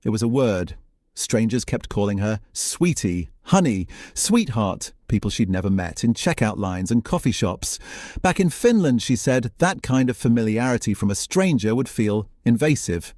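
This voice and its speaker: A man giving measured, scripted documentary narration. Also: lowish voice, dry recording, studio quality. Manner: measured, even storytelling.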